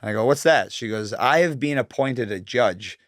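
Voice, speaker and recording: A young man tells a story loosely and animatedly, swearing freely and slipping into the voices of the people he quotes. His voice sits at an ordinary middle pitch. The recording is dry and close. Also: expressive, moderate pace, fairly bright tone, no echo. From Canada. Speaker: guest telling his life story. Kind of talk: casual storytelling.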